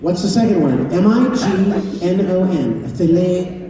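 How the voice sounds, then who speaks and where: Man, voice actor at a fan Q&A, playful, teasing, unhurried, mellow voice, distant phone recording. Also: high-pitched, lively intonation. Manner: playful and teasing, laughs often, spells words out letter by letter. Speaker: voice actor guest at a fan convention Q&A. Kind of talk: casual convention Q&A. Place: large convention hall. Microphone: handheld phone camera from the audience. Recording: echoey convention hall from far off.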